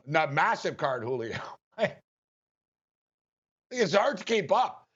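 A man's voice: on the high side, big pitch swings, takes it slowly, husky, highs cut off. A man hosting a sports betting radio show, rambling casually with frequent chuckles.

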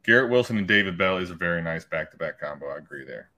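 A man co-hosting a casual podcast, talking things through in a relaxed way. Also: low voice, quick pace. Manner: relaxed, thinks aloud with restarts. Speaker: podcast co-host.

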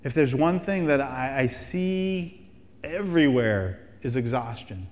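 A man's voice: medium pitch, lively intonation, a little slow, a little mellow, big-room sound. A man preaching a sermon as pastor, emphatic and fond of rhetorical questions and repeated phrases.

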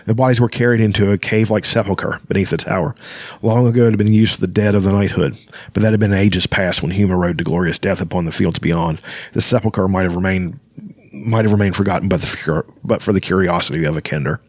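A man's voice: sits low, fairly even intonation, fast talker, no echo. A man hosting a podcast, reading a novel aloud with loose, chatty asides and frequent self-corrections. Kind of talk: book reading with casual asides.

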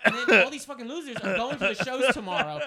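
A man co-hosting a podcast, telling an animated, rambling story full of fillers and swearing. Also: very high-pitched, fast talker, a loud crowd. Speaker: podcast co-host.

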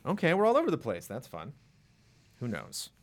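A man's voice: medium pitch, wildly swooping pitch, normal speed. A man hosting a casual podcast chat, telling stories animatedly and slipping into playful voices. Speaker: podcast host.

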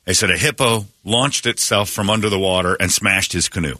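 A man's voice: sits low, brisk, bright, forceful tone, dry recording, studio quality. A man hosting a morning radio show, animatedly retelling a story with quoted voices and many restarts. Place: radio studio. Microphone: studio microphone.

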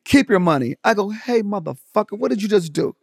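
A man's voice: sits high, fairly quick, creaky. A man telling a golf story with lots of swearing, acting out what everyone said in a casual podcast chat. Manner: animated, profane storyteller acting out quotes. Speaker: podcast guest, comedian.

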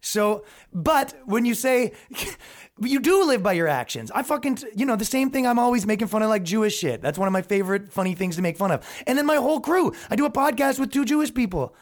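A man's voice: high voice, lively intonation, a little fast. Male podcast host; loose, profane, sarcastic rant with lots of restarts. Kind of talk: comedic rant.

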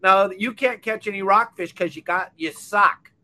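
At a normal speed, an older man with a high, bright voice and Southern Californian accent scolds bluntly in a fired-up, impassioned rant. He hosts a fishing podcast and is on a boat or dock.

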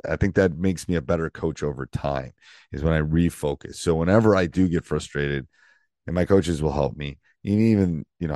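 A man's voice: extremely low pitch, darkish tone, dry recording. A middle-aged man, a basketball coach, hosting his podcast in a casual, rambling way with many restarts. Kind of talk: casual solo podcast talk.

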